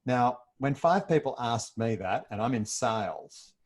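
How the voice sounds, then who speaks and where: A man's voice: mid-range voice, animated, a little slow. A middle-aged man from Australia telling a personal story in a casual interview, hesitant with many ums and moved to emotion. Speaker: interview guest.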